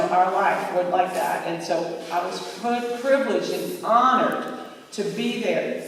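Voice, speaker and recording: A woman's voice: medium pitch, vocal fry. A middle-aged woman speaks a heartfelt eulogy in a loose, chatty way, her voice catching with emotion now and then. The recording is taken from far back in a large, very echoey opera house, with a long reverb tail and faint room noise. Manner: emotional, conversational, laughing through tears. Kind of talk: heartfelt memorial tribute.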